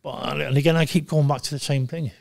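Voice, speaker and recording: An older man in his sixties, talking bluntly and with lots of swearing in a casual interview, telling animated stories. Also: a little high, fairly quick, gravelly, no room sound, clean studio sound. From Wales. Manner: blunt, profane, animated storytelling. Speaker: guest, former goalkeeper.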